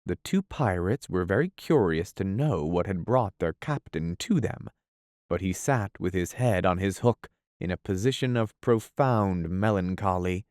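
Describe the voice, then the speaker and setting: A man reads a classic novel aloud in a measured, unhurried storytelling manner. His voice sits fairly low, and the recording is dry and close with no room sound. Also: lively intonation, darkish tone, no echo. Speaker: audiobook narrator. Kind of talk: scripted narration.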